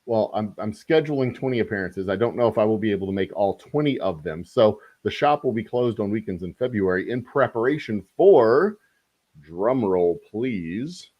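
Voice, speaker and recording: A man's voice: fairly low pitch, animated, a little fast, few pauses, no room sound, muffled recording. A man, hosting a casual distillery livestream and chatting to viewers with rambling, joking asides. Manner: rambling, talks to chat, self-deprecating jokes.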